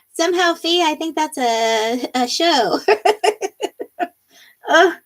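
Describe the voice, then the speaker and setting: Bubbly high-voiced woman hosting a craft livestream. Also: slow, fairly bright tone. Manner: bubbly, laughs often. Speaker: live-stream crafting host. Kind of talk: chatty livestream, reading out viewer comments. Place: home craft room.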